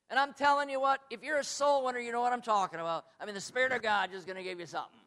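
A man preaching a sermon, swinging from quiet asides to loud, high, drawn-out emphasis, who says he is from the United States.

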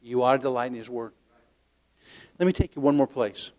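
An older man preaching a sermon, telling stories with lively acted-out inner voices and soft tender asides, often repeating words as he searches. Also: medium pitch, a little fast. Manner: animated storytelling, acts out inner voices, drops to soft tender tones. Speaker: pastor.

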